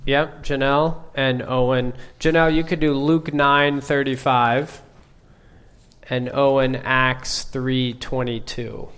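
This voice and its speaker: A man leading a group Bible study, asking the class questions in a measured way. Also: medium pitch, flat delivery, fairly bright tone, smooth.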